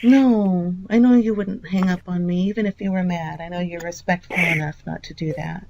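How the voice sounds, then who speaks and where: Earnest caller, mid pitch, apologetic and reassuring on a phone call. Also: steady tone, normal speed, gravelly, a little mellow, a little hiss or hum.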